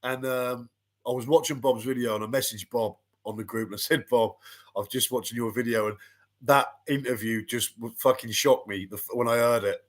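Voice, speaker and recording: A man's voice: mid-range voice, steady tone, brisk. A middle-aged man, a boxing pundit ranting bluntly and swearing freely in casual panel chat.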